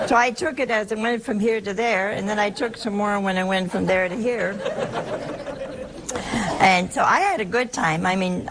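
A woman's voice: fairly high pitch, creaky, a little hiss or hum, poor audio. A woman giving a sermon from an Italian-American family background, mixing moral teaching with humorous family stories and rhetorical questions. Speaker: religious teacher giving a talk.

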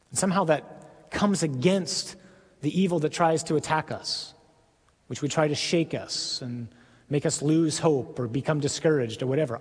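Earnest preacher guy, kinda high husky voice, lots of reverb. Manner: earnest, emphatic, with slow stresses. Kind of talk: sermon.

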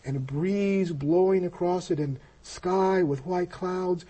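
Brief: man, husky, mellow voice, slightly high, halting personal testimony. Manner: slow, halting, with many pauses and restarts.

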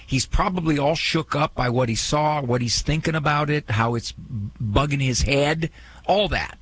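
A man's voice: fairly high pitch, normal speed, a bit bright, breathy edge. A man hosting a call-in advice show, talking fatherly and directly to a worried caller and acting out what people might say. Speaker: radio advice host.

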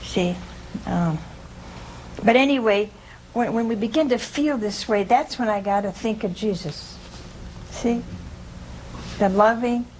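A woman with a mid-range voice delivers an informal sermon as a religious teacher, quizzing her listeners, chuckling, and acting out quoted speech. The recording is rough, with a little hiss or hum.

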